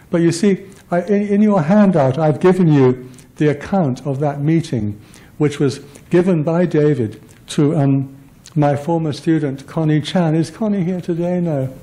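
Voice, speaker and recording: A man's voice: fairly high pitch, dark tone, low-quality recording. An older man giving a public lecture, telling personal stories in a rambling, self-deprecating way with many fillers and restarts. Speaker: guest lecturer.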